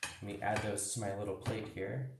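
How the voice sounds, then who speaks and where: A man's voice: on the low side, flat delivery, moderate pace, creaky, background noise. A man teaching a live cooking demo for kids, cheerful and chatty, tasting food as he talks. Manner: cheerful, chatty, tastes food while talking. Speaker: cooking instructor. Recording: roomy echo, mic at a distance.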